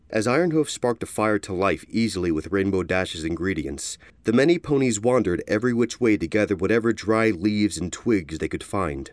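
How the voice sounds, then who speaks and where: A man reading a storybook aloud in a low voice. His pitch moves around a lot as he reads expressively. The sound is dry and close. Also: no echo. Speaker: narrator. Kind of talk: storybook narration.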